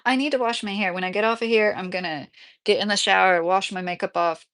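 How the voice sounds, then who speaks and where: A woman's voice: mid-range voice, steady tone, quick pace, fairly bright tone. A woman in her late thirties hosting a casual livestream from home, chatting and reading viewer comments aloud, often breaking into laughter. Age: 30s. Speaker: livestream host reading chat. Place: mobile home indoors.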